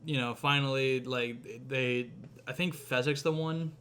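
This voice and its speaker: A man's voice: mid-range voice, steady tone, measured pace, fairly bright tone, clear, resonant tone. A young man hosting a podcast, casually retelling a film's plot with lots of fillers, swearing and acted-out quotes. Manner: rambling, acts out quotes, frequent fillers and cursing. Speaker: podcast host.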